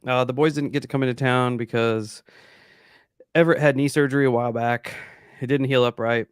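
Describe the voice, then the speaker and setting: A man's voice: mid-range voice, fairly even intonation, a little fast, smooth, no room sound, clean studio sound. A middle-aged man co-hosting a podcast over a choppy internet call, talking in a laid-back, slangy way. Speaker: podcast co-host. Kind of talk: casual chat. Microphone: boom-arm mic over a call.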